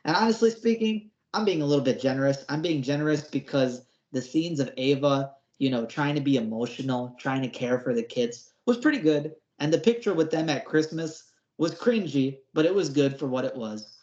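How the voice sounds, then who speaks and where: A man with a slightly high voice rants through a casual review, slangy and exasperated, quick to mock. His voice is captured in a roomy space with a dull, lo-fi tone. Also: expressive, darkish tone. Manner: exasperated, slangy, mocking with put-on whiny voices. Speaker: podcast co-host reviewing horror episodes.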